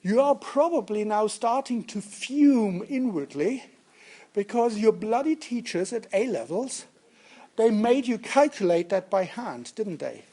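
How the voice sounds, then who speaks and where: A university lecturer gives a statistics lecture to students in a lecture room, keeping it jokey and interactive and often quizzing the class. His voice is high and mellow, with lively intonation and a slightly slow delivery.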